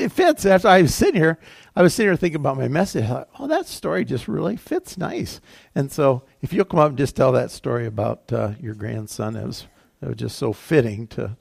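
A man's voice: mid-range voice, lively intonation, fairly quick, creaky, darkish tone, husky, no room sound, clean studio sound. A male pastor giving a conversational, folksy sermon in church, chuckling between points.

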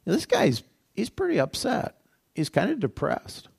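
Gravelly male pastor preaching conversationally. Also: sits high, huge pitch swings, moderate pace, a little mellow. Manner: conversational preaching, repeats phrases and asks rhetorical questions. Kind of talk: sermon teaching.

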